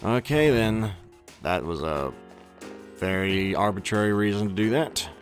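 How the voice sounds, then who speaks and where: Deep-voiced man rambling over gameplay. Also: a little slow, soft background music. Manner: rambling, self-correcting, chuckles to himself. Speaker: let's play gamer. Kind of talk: casual gameplay commentary.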